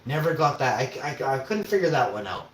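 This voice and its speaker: A man's voice: mid-range voice, big pitch swings, a little fast. Guy streaming from his kitchen, swearing nonstop and ranting, echoey room, bit of hum behind. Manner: profane, swearing constantly; ranting, with sudden loud outbursts. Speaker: livestreamer. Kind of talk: casual livestream rant. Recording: roomy with faint background hum.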